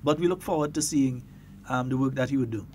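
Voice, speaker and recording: A man with a Grenadian accent hosting a radio talk show in casual chat, lively and quick to laugh. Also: medium pitch, a little hiss or hum. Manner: lively, laughs often, stretches words for emphasis.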